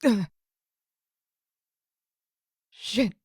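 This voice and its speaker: A woman's voice: drawn-out words, a little mellow, no echo, studio quality. A woman playing her character in a tabletop role-playing game, subdued and rueful. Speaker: player.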